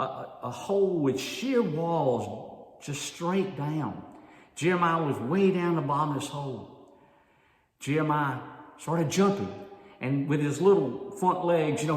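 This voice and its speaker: A man telling a story to an audience at a conference, animated and drawing the crowd in. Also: fairly high pitch. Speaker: speaker at a volunteer leader conference. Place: large hall. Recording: echoey hall with long reverb.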